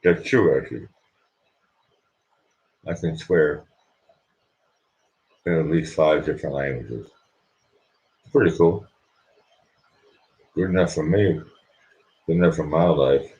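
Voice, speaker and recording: A sleepy man hosting a late-night livestream, talking quietly and rambling so he won't wake anyone at home. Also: extremely low pitch, takes it slowly, long pauses, dull audio. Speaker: livestream host.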